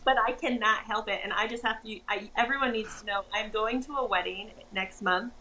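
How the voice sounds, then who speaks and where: Bright-voiced chatty woman co-host. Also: fairly high pitch, brisk, a little hiss or hum, low-quality recording. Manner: animated, self-mocking, chatty. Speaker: podcast co-host. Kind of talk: casual chat.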